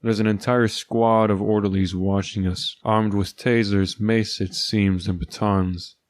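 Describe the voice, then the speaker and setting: A man's voice: on the low side, level tone, unhurried, dry recording. A man narrating a first-person story in a dry, sardonic manner.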